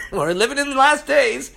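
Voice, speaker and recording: A man's voice: very high-pitched, expressive, measured pace, creaky, bright, forceful tone. A pastor preaching a sermon to his church, talking emphatically and casually with slang asides.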